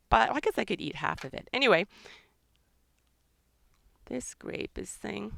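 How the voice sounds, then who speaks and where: A middle-aged woman, a children's author and illustrator, chatting excitedly and thinking aloud during a live drawing session for kids. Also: lowish voice, normal speed, gravelly, long pauses, no room sound.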